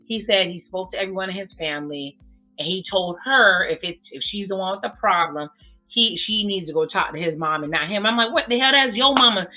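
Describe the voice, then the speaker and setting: A woman's voice: fairly low pitch, fairly quick. Blunt, sassy woman on a tinny line. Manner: blunt, sassy, swears freely. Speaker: reality TV recap vlogger. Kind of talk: casual commentary. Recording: tinny phone-like sound with faint music.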